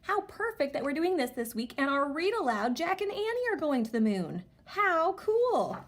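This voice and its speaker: Female elementary teacher, remote reading lesson; bright sing-song read-aloud, wide swings, slightly high register. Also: moderate pace. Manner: animated, sing-song reading aloud with big excited rises.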